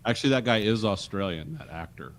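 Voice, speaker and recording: Deep-voiced laid-back podcast guy. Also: expressive, fast talker. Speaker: podcast co-host. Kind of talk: casual movie chat.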